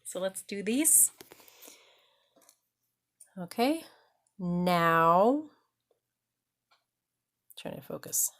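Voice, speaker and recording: Slow, patient woman teaching pronunciation. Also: on the low side, sing-song, fairly bright tone. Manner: patient, slow, frequent "okay?" checks. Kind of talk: English pronunciation lesson.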